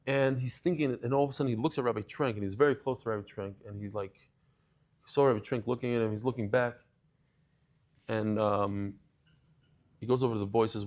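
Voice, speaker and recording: A man giving a daily Talmud class, telling stories with lively acted-out quotes and sprinkling in Hebrew and Yiddish terms. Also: medium pitch, a little fast. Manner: animated storyteller, acts out quoted voices. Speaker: daf yomi lecturer.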